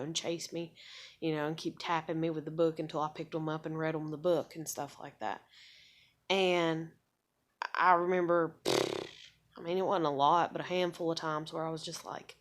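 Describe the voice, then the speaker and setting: A woman's voice: deep voice, level tone, moderate pace. A woman in her thirties venting in a rambling, casual monologue, frustrated and swearing often. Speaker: vlogger.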